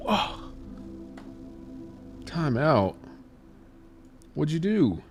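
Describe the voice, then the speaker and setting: A young man chatting casually on speakerphone, playfully teasing a friend and then gently talking with his small son. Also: on the high side, big pitch swings, very slow, faint music behind. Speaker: streamer and father. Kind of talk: casual phone chat.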